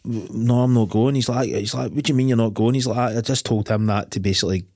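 A man's voice: medium pitch, fairly even intonation, fast, a little mellow, husky, no room sound, studio quality. A man, co-hosting a casual film podcast, swearing and laughing as he retells scenes. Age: 40s. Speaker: podcast co-host. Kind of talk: casual chat.

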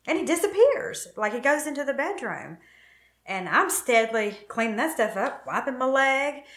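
This is personal storytelling from a middle-aged female guest, whose fairly bright, mid-range voice carries a vivid, emotional retelling full of quoted dialogue. She acts out what was said to her, and the room gives the audio a noticeable echo.

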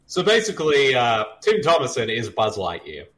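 A man's voice: medium pitch, wildly swooping pitch, normal speed, a bit bright. A man co-hosting a podcast, chatting casually over a movie and sharing film trivia, laughing often. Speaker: podcast co-host. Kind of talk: casual movie commentary chat.

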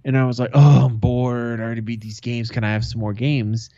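A man's voice: mid-range voice, level tone, fast, a little mellow, no room sound. A man in his thirties co-hosts a casual podcast, laughing through family stories and acting out what his relatives said. His voice sits in the middle of the range with a dry, slightly dull, lo-fi sound. He swears freely. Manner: swearing, laughing storyteller who acts out family quotes. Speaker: podcast co-host. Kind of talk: casual chat.

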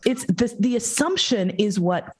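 A woman from New York hosting a podcast, telling stories in a blunt, animated way and swearing freely. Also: mid-range voice, a little slow, slightly rough. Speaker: podcast host. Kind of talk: candid conversational chat.

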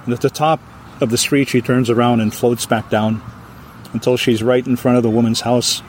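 A man from Hawaii, a storyteller, telling a ghost story with vivid, animated narration. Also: mid-range voice, normal speed, a little hiss or hum. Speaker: storyteller guest.

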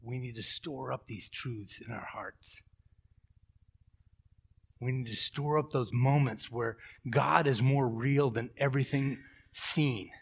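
A middle-aged male pastor preaching a sermon, telling stories with animated swings from loud to hushed. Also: medium pitch, slow pace, gravelly, breathy edge. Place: church.

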